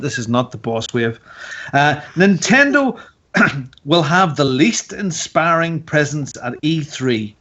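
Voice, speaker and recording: Male podcast host, teasing and rambling, slightly high, dull lo-fi recording. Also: big pitch swings, measured pace, bright, forceful tone. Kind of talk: casual chat. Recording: dull lo-fi audio.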